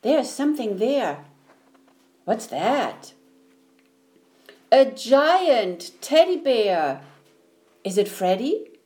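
A woman's voice: on the high side, big pitch swings, extremely slow, long pauses, mellow, heavily acted. A woman voicing a small, scared young boy in a storybook, with anxious, breathless exclamations. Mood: frightened.

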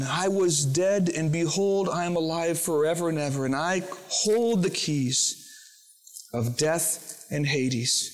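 Fervent preacher, man with a higher voice. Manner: rises from hushed, slow reflection to fervent, emphatic proclamation. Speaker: pastor. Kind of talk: sermon.

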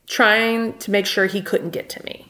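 A young woman speaks as an interview guest, telling her story plainly and candidly. Her voice sits at an ordinary pitch and pace for a woman, steady and unadorned. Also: unhurried. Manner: candid and plainspoken, recounting events.

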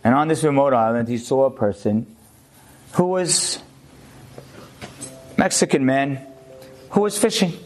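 A man's voice: mid-range voice, measured pace, long pauses, soft background music. A man giving a short Torah lecture as a rabbi, telling a story with energy and then urging his listeners in earnest.

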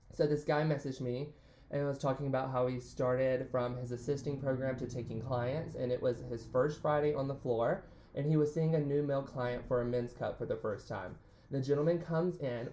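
A man's voice: mid-range voice, reverberant. A man from Alabama with a Southern American accent, co-hosting a casual chat and reading listener stories aloud. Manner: animated storyteller, playful voices for quotes. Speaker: podcast co-host, hairstylist.

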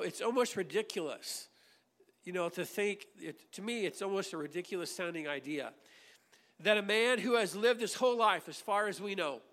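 High-voiced preacher in a reverberant hall. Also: male voice, fairly bright tone. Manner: earnest preaching with repetitions and scripture readings. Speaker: pastor. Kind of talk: sermon.

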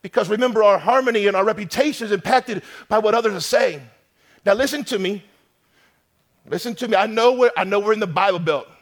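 A male pastor delivers a sermon in a fairly high voice. He preaches with emphatic force, pushing some lines out loud and letting others drop to a hush. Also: fast talker. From North America.

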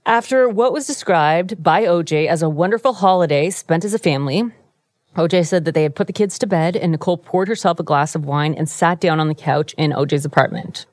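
A woman's voice: on the low side, a little fast, a little mellow, no echo. A woman hosting a true crime podcast, telling the story in a wry, easygoing way from a radio studio. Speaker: podcast host.

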